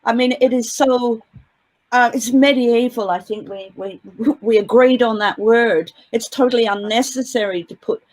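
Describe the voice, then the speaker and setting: A woman gives a casual interview as a guest commentator on a court case, speaking hesitantly in long, winding sentences full of fillers and restarts. Her voice is a little high with a darkish tone at a normal speed, and the audio quality is poor.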